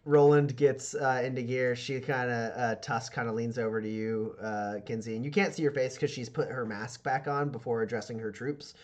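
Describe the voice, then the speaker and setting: A man narrating a tabletop role-playing game as game master. His voice sits in a middle pitch, and he keeps stacking filler words and restarts as he describes the scene. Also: fairly even intonation, normal speed, few pauses. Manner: rambling, filler-heavy, full of "like".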